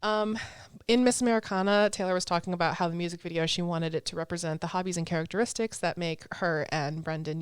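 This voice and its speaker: A woman's voice: on the low side, clear, resonant tone, no echo. A woman co-hosting a casual podcast, chatty, reading from her notes with frequent ums and laughs. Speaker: podcast co-host. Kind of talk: casual chat.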